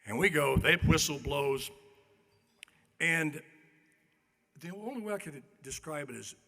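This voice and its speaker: A man's voice: on the high side, expressive, unhurried, vocal fry, sharp tone. An older man giving an acceptance speech at a banquet, telling folksy, self-deprecating stories at a podium microphone in a large hall. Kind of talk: after-dinner storytelling speech. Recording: long banquet hall reverb.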